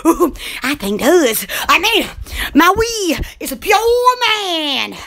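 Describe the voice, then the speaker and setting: A woman's voice: very high-pitched, sing-song, slow, creaky, a bit bright. A woman hosting her own channel, chatting in a giggly, rambling way with frequent exclamations and laughter. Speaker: channel host. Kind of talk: giggly rambling livestream chat.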